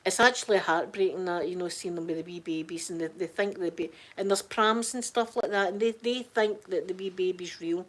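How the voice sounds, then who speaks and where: A woman's voice: fairly low pitch, steady tone, a little fast, few pauses. A middle-aged Scottish woman chatting casually on a live stream, greeting viewers in the chat by name. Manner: chatty, warm-hearted, reads out chat names.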